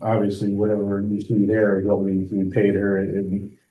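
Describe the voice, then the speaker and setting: A man chairing a board meeting, reading the budget report with many pauses and ums. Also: fairly low pitch, monotone, phone-quality sound, slight background noise. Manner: halting, many ums and uhs. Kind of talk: meeting business.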